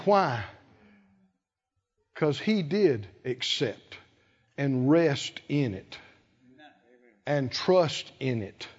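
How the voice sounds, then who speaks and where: A man preaching a sermon, acting out the people in the story and swinging from quiet talk to shouting. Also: mid-range voice, slightly rough. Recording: dull lo-fi sound with long hall reverb.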